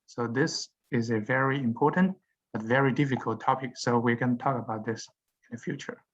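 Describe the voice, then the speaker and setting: Hesitant male lecturer, dull lo-fi sound. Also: mid-range voice. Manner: halting, frequent "uh" fillers and restarts. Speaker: university lecturer. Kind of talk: classroom lecture.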